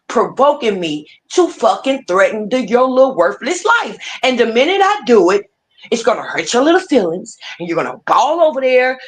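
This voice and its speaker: A woman's voice: sits high, a bit bright. A woman hosting a livestream, ranting casually with heated, profane, repetitive talk. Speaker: livestream host.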